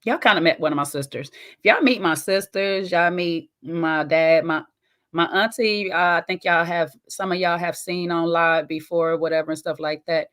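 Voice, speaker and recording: A woman hosting a casual reaction video, chatty and folksy, with loud, laughing asides. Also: on the low side, normal speed. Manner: chatty and folksy, calls viewers "child" and "baby".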